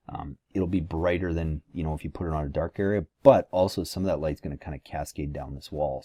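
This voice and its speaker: Deep-voiced man, casual and halting. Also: warm tone, no room sound. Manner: casual, hesitant, many fillers and restarts. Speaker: lighting consultant. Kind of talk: walkthrough consultation voice-over.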